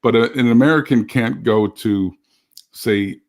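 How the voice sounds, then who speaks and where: A man's voice: mid-range voice, measured pace, darkish tone. A man on a political chat panel, earnestly explaining his points at length. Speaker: show regular.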